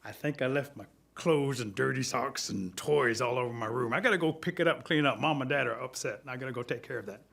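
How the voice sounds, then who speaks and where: A man's voice: medium pitch, quick pace, gravelly, few pauses, a bit bright, pitched below the performer's own voice. A man voicing Thunder, a friendly, childlike young male sky spirit with an easygoing, teasing way of talking. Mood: worried.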